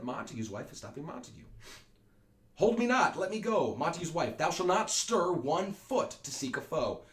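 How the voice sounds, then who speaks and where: A man's voice: fairly low pitch, a little mellow. A man teaching Shakespeare in a casual lesson, explaining plainly with fillers and paraphrasing each line. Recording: echoey room.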